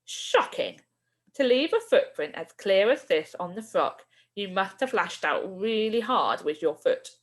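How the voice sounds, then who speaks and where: A woman voicing a strict female primary teacher who shouts in outrage at two pupils. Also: medium pitch, big pitch swings, measured pace. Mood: scornful.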